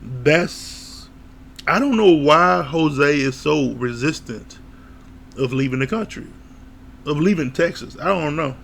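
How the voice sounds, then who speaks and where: Gravelly opinionated man recapping a show. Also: a little high, animated, takes it slowly, fairly bright tone, slight background noise. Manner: blunt, opinionated, laughs often, swears. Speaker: reality show reviewer. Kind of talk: casual recap commentary.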